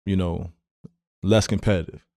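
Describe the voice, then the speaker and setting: A laid-back man with a fairly low voice chats on a podcast. He drifts through fillers and half-finished thoughts. The sound is dry and close. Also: fairly even intonation, normal speed, vocal fry, darkish tone, no room sound. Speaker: podcast co-host, former pro player. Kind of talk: casual chat.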